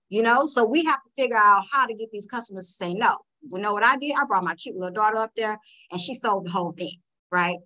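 A woman telling a story in a casual, animated chat, with lots of fillers and restarts. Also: mid-range voice, quick pace, rough recording. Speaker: guest panelist.

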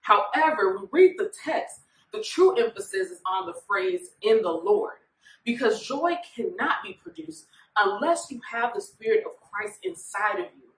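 A woman's voice: medium pitch, animated, normal speed, a bit bright. A woman minister leading a Bible study in an informal, conversational way, often checking in with her listeners. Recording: echoey room, voice far from mic.

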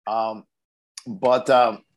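A man's voice: on the low side, flat delivery, drawn-out words. A young man co-hosting a podcast, telling a long story in a rambling way, full of restarts and "man.". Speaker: podcast co-host. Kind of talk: casual chat.

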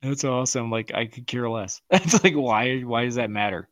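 A man's voice: medium pitch, normal speed, fairly bright tone. A man co-hosting a podcast, chatting casually in a blunt, heavily profane way. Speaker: podcast co-host. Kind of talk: casual chat.

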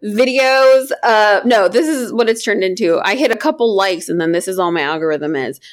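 Woman, podcast co-host, casual chat, chatty, swears freely, mid-pitched voice. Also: normal speed. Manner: chatty, swears freely, many fillers and laughs.

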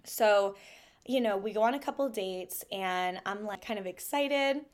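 A woman who is a guest on a podcast, telling a story in an animated way and laughing often. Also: medium pitch, measured pace. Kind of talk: casual podcast conversation.

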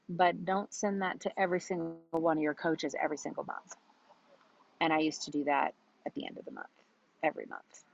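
A chatty woman coaches her team, her lowish voice gravelly with fry. She slips into bubbly quoted asides. The audio is dull and lo-fi. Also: normal speed, no echo. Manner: chatty, animated, laughs often, quotes herself in bubbly voice. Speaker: business coach. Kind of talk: casual coaching talk.

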